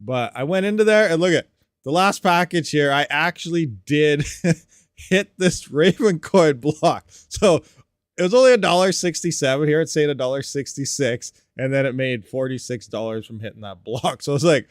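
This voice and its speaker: A man with a slightly higher-pitched voice chats casually through a live stream, joking and greeting viewers one by one. He talks into a desk mic at his home workstation, and the sound is close and dry, with no room echo. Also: moderate pace. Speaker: livestream host.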